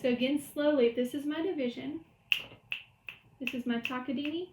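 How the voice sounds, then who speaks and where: Woman, high voice, music teacher, recorded lecture, step-by-step explanations, echoey room. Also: a little fast, long pauses, background noise. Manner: explains step by step, chants rhythm syllables.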